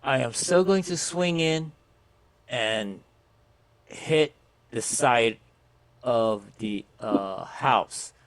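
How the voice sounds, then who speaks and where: A man plays in a tabletop game, talking very slowly. He lays out his move step by step with pauses and ums. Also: mid-range voice. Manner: slow and deliberate, full of ums. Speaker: player.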